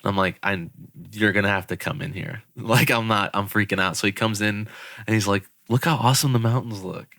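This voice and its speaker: A man's voice: fairly low pitch, a little fast, no echo, clean studio sound. A young man, a podcast co-host, casually telling a story with frequent laughter and swearing. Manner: laughing, swearing, animated retelling.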